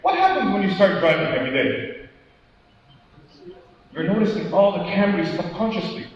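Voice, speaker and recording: A man's voice: high-pitched, sing-song, normal speed, slight background noise. A male motivational speaker gives an interactive conference talk, quizzing the audience, tagging on "right?" and acting out anecdotes with quoted dialogue. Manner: engaging, keeps asking the audience questions and tagging "right?". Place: large conference hall. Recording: echoey hall from far off, dull sound.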